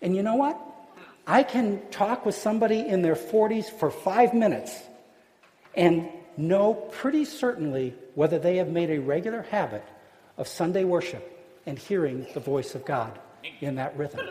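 Guy preaching in a big church, pretty high voice, lots of reverb, earnest and punchy then goes quiet. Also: animated, normal speed. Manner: earnest, emphatic preaching with hushed dips. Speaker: pastor. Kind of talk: sermon. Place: church sanctuary. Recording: long hall reverb.

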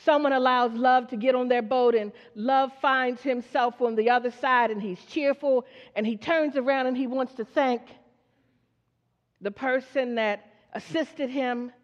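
A woman's voice: sits high, steady tone, a little slow. A woman preaching a sermon to her congregation, asking them questions and acting out the characters in her story. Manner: call-and-response, asks the congregation questions; acts out story characters in quoted voices. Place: church hall. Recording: dull lo-fi recording with long hall reverb.

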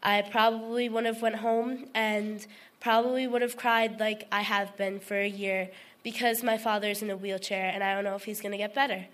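High bright woman telling her story, rambles, says like a lot, earnest. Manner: rambling, full of "like" and restarts; earnest and emotional. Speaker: testimony speaker. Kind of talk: personal testimony at a group sharing.

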